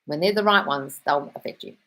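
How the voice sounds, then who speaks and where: A woman's voice: sits low, brisk, a bit bright. A young British woman hosting a casual live Q&A, blunt and swearing freely, calling listeners darling. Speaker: host answering viewer questions.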